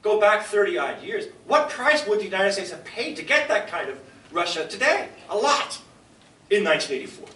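A man's voice: high-pitched, very animated, normal speed, bright, forceful tone. An older man giving a public lecture to a room, emphatic and fond of rhetorical questions and asides to the audience. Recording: echoey lecture hall from far off.

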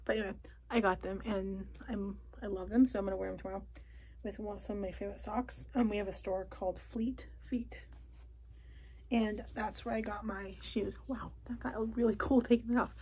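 A young woman vlogging in a casual chat from a closet at home, talking softly and often slipping into a whisper. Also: mid-range voice, steady tone, brisk, slight background noise. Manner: soft, often drops to a whisper.

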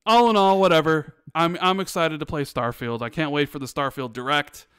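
A man's voice: on the high side, a little fast, clear, resonant tone, no echo, studio quality. A man co-hosting a podcast in casual chat, ranting emphatically and repeating himself for stress. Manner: animated, emphatic ranting with repetitions. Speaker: podcast co-host.

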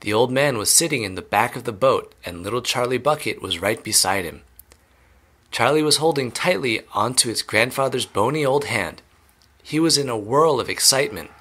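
A man reading a children's novel aloud clearly and steadily, as an English teacher. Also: medium pitch, animated, normal speed, bright, forceful tone.

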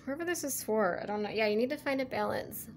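A woman's voice: on the high side, expressive, fast talker, a little hiss or hum. A woman giving a casual spiritual tarot reading, rambling and full of "like" and "you know", laughing easily. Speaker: tarot reader.

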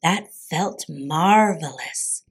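A woman voicing the biggest male chihuahua of the gang, an easygoing leader who speaks in a slow, savoring way with mock Spanish flourishes. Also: deep voice, breathy edge, full character voice.

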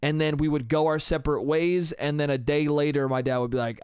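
A man's voice: on the high side, fairly even intonation, a little fast, darkish tone, smooth, no room sound. Rambling young man, dry close mic. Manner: rambling, casual, swears a lot, trails off with "I don't know". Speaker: podcast host. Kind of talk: solo comedic podcast monologue.

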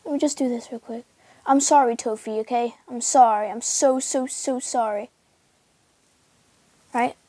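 A woman chatting casually through her gameplay video, excitable and yelping as she plays. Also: fairly high pitch, measured pace, long pauses, no room sound. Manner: excitable, calls out and yelps while playing. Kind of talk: casual game commentary. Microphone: screen recorder mic.

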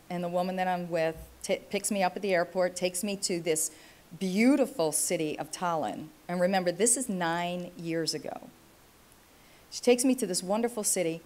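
A middle-aged woman from the United States giving an anecdotal keynote speech, telling stories with acted quotes. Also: on the low side. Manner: animated storytelling with acted quotes. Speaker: keynote speaker, former state official.

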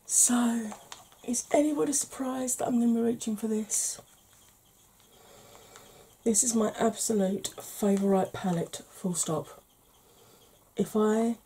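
A woman hosting a soft-spoken makeup tutorial, chatty and explaining each step, tired and yawning. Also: a little high, a little hiss or hum.

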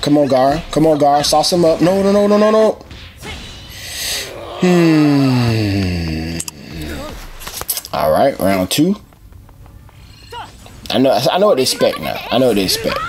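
A young man giving excited, trash-talking commentary as he plays a fighting game. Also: medium pitch. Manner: excitable trash talk, shouting at the screen. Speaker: gaming channel host. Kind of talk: live gameplay commentary. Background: game music.

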